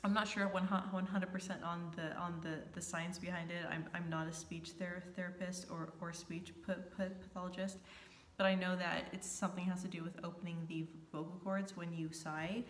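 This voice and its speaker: A woman's voice: fairly low pitch, little pitch movement, normal speed, slight background noise. A woman vlogger talking casually to camera, stuttering often and repeating sounds and words. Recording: echoey room.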